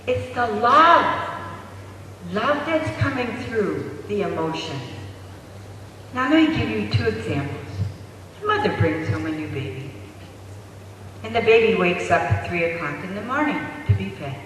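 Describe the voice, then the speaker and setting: Man giving a slow talk to a crowd, high bright voice, big echoey hall, mic far away. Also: very animated, slight background noise. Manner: slow, storytelling delivery with rhetorical questions to the audience. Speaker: parenting speaker. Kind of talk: lecture to an audience.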